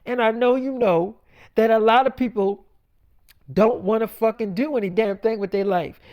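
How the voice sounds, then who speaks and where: A man's voice: high-pitched, normal speed, clean tone, highs cut off. Man, unscripted preachy rant, heavy swearing, rambling and blunt. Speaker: self-styled prophet vlogger. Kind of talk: profane freestyle monologue.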